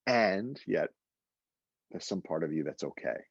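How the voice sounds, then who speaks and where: A man leading a guided meditation session, talking in an animated, emotional way. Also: moderate pace, gravelly, husky, no room sound, dull audio. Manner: animated and emotional, with sudden high exclaimed quotes. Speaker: meditation teacher.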